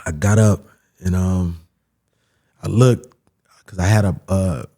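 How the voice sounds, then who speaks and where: A young man, a podcast guest, telling a story in a casual, animated way, leaning on "I'm like" and repeating himself as he talks. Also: low-pitched, slow pace. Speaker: podcast guest, former pro boxer.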